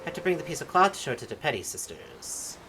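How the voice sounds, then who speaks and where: A woman talks through a game as she plays it, chatty and quick to laugh at herself. Her voice sits lowish but jumps around in pitch, and she hums between lines. It has the loose feel of let's play commentary. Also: very animated, fairly bright tone, a little hiss or hum. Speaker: game streamer.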